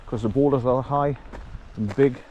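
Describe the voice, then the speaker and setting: An older man chats casually while walking his dog outdoors by a river road, laughing often and cooing at the dog in a vlog-style talk. His voice is mid-range at a normal pace, and the lo-fi recording picks up wind noise.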